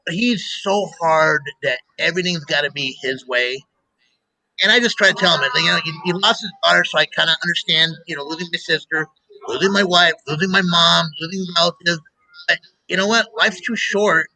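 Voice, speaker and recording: A man hosting a show, chatting casually and telling animated stories with laughter. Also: a little high, a little fast, no echo, low-quality recording. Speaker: show host. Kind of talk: casual chat.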